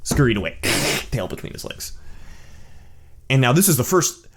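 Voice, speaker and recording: Male host, casual storyteller, blunt and animated, swears, restarts sentences, mid-pitched. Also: normal speed, breathy edge. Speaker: channel host.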